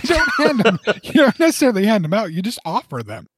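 Podcast co-host, male, high animated voice, stammering rambler, dry sound. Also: fast talker, husky, no room sound. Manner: rambling, stammering repeats, chuckling. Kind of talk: casual podcast banter.

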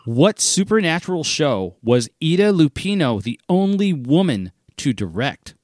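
A man co-hosting a casual trivia chat, animated and quick to laugh. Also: a little high, no echo, studio quality. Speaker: trivia co-host.

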